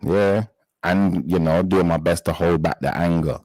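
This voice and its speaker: Very deep-voiced man hosting a live chat. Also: steady tone, a little mellow, no echo, low-quality recording. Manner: indignant, halting, addressing viewers directly. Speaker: live stream host.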